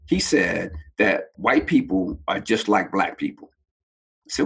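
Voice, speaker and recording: A man's voice: on the low side, sing-song, normal speed, gravelly, a bit bright, slightly rough. A man in his sixties from Baltimore, a podcast guest telling personal stories with animation and acting out the voices he quotes. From Baltimore, United States. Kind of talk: personal storytelling in an interview.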